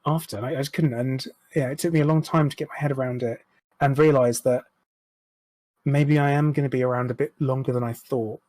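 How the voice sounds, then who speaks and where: A man's voice: mid-range voice, steady tone, fairly quick, a little mellow, low-quality recording. A man, speaking frankly and reflectively as a podcast guest, swearing now and then. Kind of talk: candid interview chat.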